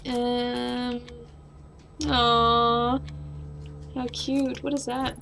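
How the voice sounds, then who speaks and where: A woman's voice: on the high side, fairly even intonation, slow, gravelly, a bit bright, slight background noise. Woman gamer with a dry throat. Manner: offhand, with coughs. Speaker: gaming video host. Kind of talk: casual let's play commentary. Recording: background music.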